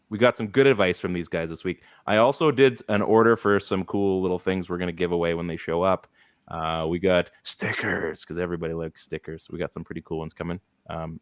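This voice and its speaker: A man with a very low, deep voice hosts a casual sports podcast. He rambles easily and leans on filler words. The sound is dry and close, with no room around it. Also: no echo. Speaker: podcast host. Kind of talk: casual fantasy football podcast chat.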